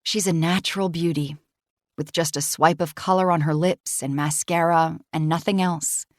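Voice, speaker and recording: Low-voiced woman narrating an audiobook. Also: fairly even intonation, moderate pace, no room sound, clean studio sound. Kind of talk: first-person scripted audiobook narration.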